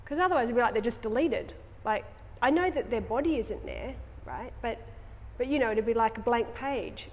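A woman's voice: fairly high pitch, expressive, moderate pace, few pauses, lo-fi sound. A woman talking to a yoga class, rambling and conversational, asking the class many tag questions before leading a guided relaxation. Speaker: yoga teacher. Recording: echoey studio with long reverb.

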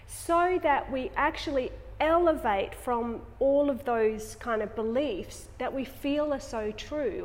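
Woman yoga teacher, higher voice, rambling tag questions, long studio reverb. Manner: rambling, conversational, asks the class many tag questions. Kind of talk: spoken yoga class talk and guided relaxation.

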